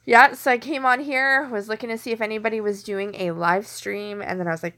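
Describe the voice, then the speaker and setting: A young woman with a Canadian accent talks casually into her phone during a late-night live stream, her voice crisp and bright. She is chatty and quick to laugh, teasing the viewers who type to her from her home kitchen. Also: a little high, fairly even intonation.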